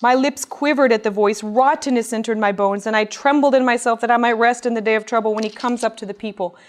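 A woman giving an earnest, expressive Bible teaching that reads scripture aloud in a measured tone. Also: a little high. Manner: earnest and expressive, voice rising with emphasis. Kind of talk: sermon-style Bible teaching.

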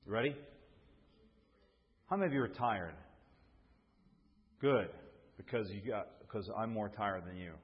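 A man's voice: fairly low pitch, lively intonation, measured pace, long pauses, slightly rough. A male pastor preaching a sermon to his congregation, calling for responses and repeating phrases as he goes. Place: church sanctuary. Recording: long hall reverb, dull muffled sound.

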